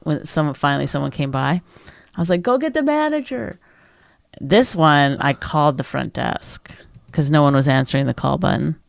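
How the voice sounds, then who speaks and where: A woman's voice: fairly quick, vocal fry, no echo, clean studio sound. A middle-aged woman co-hosting a podcast in casual chat, telling a story and acting out what people said in a raised voice. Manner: animated storyteller who acts out quotes in a high voice. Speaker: podcast co-host.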